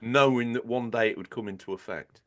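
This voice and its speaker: A man co-hosting a gaming podcast in loose, casual chat. He spins playful, rambling tall tales with a mock-serious tone. His voice sits at an ordinary, mid-range pitch. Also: a little fast, a bit bright. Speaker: podcast co-host.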